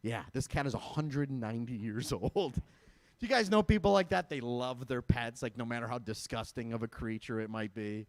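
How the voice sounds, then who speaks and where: A man's voice: medium pitch, normal speed, no echo. A man in his thirties from Michigan doing a stand-up comedy set, self-deprecating and chatty with the audience. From Michigan, USA. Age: 30s. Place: live event stage at a school fundraiser.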